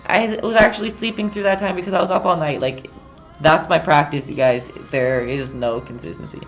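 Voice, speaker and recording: A woman's voice: low voice, steady tone, fairly quick, lo-fi sound, faint music behind. A woman giving a casual, rambling live-stream painting lesson, chatty and self-deprecating, often giggling.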